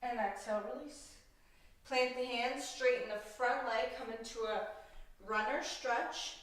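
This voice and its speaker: Woman yoga instructor calling out poses, unhurried, kinda far from the mic, big echo. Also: on the high side. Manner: calm cueing of breath and poses, playful asides. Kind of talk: guided yoga class instruction.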